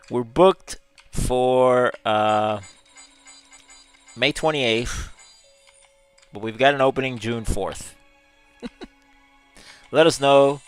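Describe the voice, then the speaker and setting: A man's voice: mid-range voice, very slow, pauses often, smooth, soft background music. A male gaming streamer giving live gameplay commentary in a chatty way, reading chat messages aloud and laughing often.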